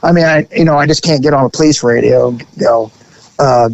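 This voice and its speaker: A man's voice: medium pitch, a little fast, vocal fry, dry recording, highs cut off. A man hosting a podcast, telling a story in a rambling, joking way. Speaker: podcast host.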